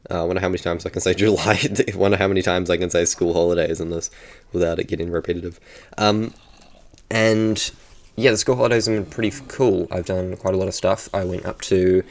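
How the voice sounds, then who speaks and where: Deep-voiced young New Zealand guy. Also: steady tone, quick pace. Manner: rambling, chatty, self-correcting. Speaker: YouTuber. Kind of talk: casual vlog chat.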